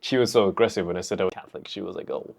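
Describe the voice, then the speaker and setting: A man's voice: sits low, racing, creaky. A young man co-hosting a podcast, chatting casually and dropping dry jokes. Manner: dry, joking interjections. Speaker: podcast co-host. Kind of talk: casual conversation.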